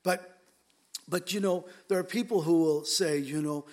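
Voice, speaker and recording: A man's voice: fairly high pitch, a little slow, darkish tone. A man preaching a conversational sermon to his congregation, earnest and emphatic, often repeating words as he presses a point.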